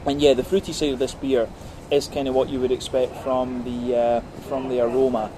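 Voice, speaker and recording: A man's voice: medium pitch, flat delivery, a little fast, noisy background. A man giving a casual, methodical beer tasting review, talking through the flavours layer by layer with plenty of ums and uhs. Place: on a brewery visit.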